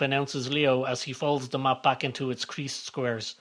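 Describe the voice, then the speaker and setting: A man reading a scripted comedic story, calm and measured in his narration. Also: medium pitch. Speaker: narrator and author of the series.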